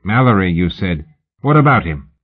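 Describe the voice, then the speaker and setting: An insolent, calculating Victorian tough, as a man puts him on, coarse and sly. The voice is raspy and thin-sounding, like over a phone. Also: low voice, very animated, normal speed. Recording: narrow phone-like audiobook sound.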